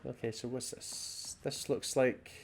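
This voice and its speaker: A Scottish man commenting on gameplay, chatty and excitable, often reading in-game documents aloud. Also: mid-range voice, measured pace, gravelly, slight background noise. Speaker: let's play host.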